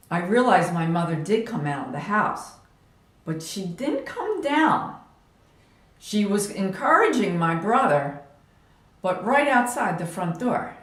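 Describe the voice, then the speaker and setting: A woman retelling a personal memory in a vivid, animated way, acting out moments with sound effects. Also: fairly low pitch, roomy sound. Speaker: storyteller. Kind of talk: personal storytelling vlog.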